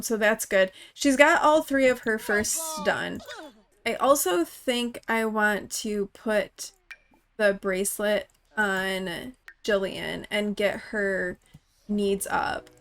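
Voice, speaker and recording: A woman's voice: mid-range voice, takes it slowly, a bit bright. A woman hosting her own gaming channel, giving chatty let's-play commentary and talking straight to the characters in her game.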